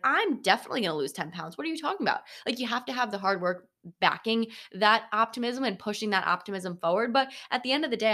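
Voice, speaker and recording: A young woman with a bright, forceful voice hosts a motivational podcast monologue. She talks bluntly, swears without a second thought, and keeps it animated with playful asides. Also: medium pitch. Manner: blunt and profane, swearing freely; animated, slips into mocking voices of others. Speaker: podcast host.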